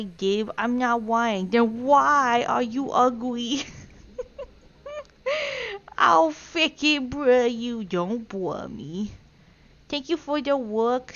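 A woman live-streaming a game, chatting playfully with her chat and breaking into loud, excited outbursts. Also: a little high, takes it slowly, dull audio.

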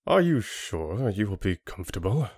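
A man voicing a calm, patient middle-aged father with a measured, gentle way of speaking in an audiobook. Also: on the low side, slightly rough, no room sound, studio quality, full character voice.

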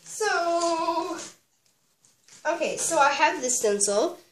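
Slow and animated, her very high, fairly bright voice is stuffy with a cold. The young craft vlogger walks through a kit review at her home desk, bubbly and rambling with constant "like"s and "um"s, recorded in an echoing room with light background noise.

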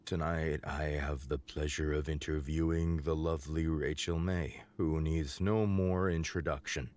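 A man doing a booming, pompous talk show host. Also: fairly even intonation, a little slow, darkish tone. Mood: grandiose.

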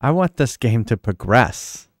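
Man streamer with a lively, bouncy voice. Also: medium pitch, unhurried, dry recording, clean studio sound. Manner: confused, joking, thinks out loud. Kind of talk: casual gameplay commentary.

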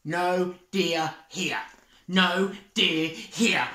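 A woman voicing a boastful, bossy male badger in a picture-book reading, loud and self-satisfied. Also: mid-range voice, big pitch swings, a little slow, roomy sound, voice pushed up. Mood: gloating. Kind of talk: picture-book read-aloud.

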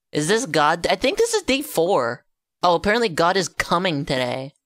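A woman's voice: medium pitch, very animated, normal speed, no room sound. A woman streaming a game, chatting casually to her viewers with profane jokes. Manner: profane, joking, talks to chat. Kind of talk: casual gaming commentary.

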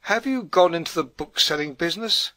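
A man's voice: on the high side, animated, brisk, bright, forceful tone, dry recording, voice pushed up. A man voicing Maud, a brash, nosy English neighbour woman in a storybook reading. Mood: indignant.

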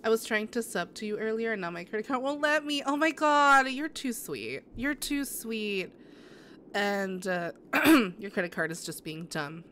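A woman's voice: mid-range voice, lively intonation, moderate pace, hardly any pauses, fairly bright tone, a little hiss or hum. A woman game streamer in casual live-stream chat, answering her viewers with sympathy and rambling through many restarts.

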